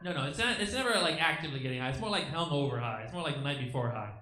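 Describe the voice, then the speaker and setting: A man's voice: fairly high pitch, expressive, racing, echoey room, very noisy. A man hosting a stand-up comedy show, telling a loose, conversational set and teasing the crowd on a theater stage.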